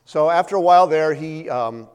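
A man's voice: a little high, moderate pace, darkish tone, smooth. Man preaching in a long echoing hall. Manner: conversational storytelling with frequent fillers and humorous asides. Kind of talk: sermon.

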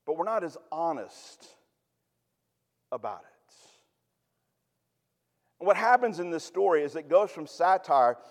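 A man's voice: on the high side, lively intonation, measured pace, long pauses, long reverb tail. A man preaching a sermon in a conversational way, with humorous asides. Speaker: pastor.

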